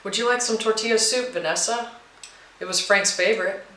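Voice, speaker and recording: Welcoming widow, gentle but pushy, as a woman narrator voices her. Bright, echoey read. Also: mid-range voice, fairly quick, pitched above the performer's own voice, lightly acted. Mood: coaxing. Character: warm, insistent widowed mother.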